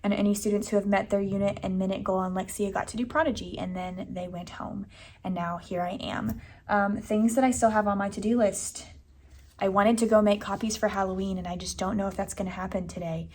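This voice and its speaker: A woman's voice: mid-range voice, steady tone, brisk, darkish tone. Young female teacher, lilt, rambling chatty vlogger delivery. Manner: chatty, rambling, many "like"s and "anyways". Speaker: elementary school teacher. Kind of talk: casual day-in-the-life vlog talk.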